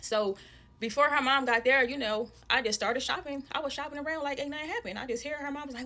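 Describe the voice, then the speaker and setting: Storytime woman; high-ish voice, extremely fast, slangy, talks straight to viewers. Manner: animated storytelling, acting out voices in quotes; addresses viewers as y'all, slangy and profane. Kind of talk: casual storytime to camera.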